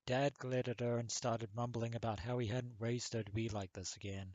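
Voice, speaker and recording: A man's voice: medium pitch, moderate pace, dry recording, highs cut off. Man narrating a visual novel playthrough. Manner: steady reading, with uh fillers when commenting. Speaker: let's play host. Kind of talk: reading game text aloud and commenting.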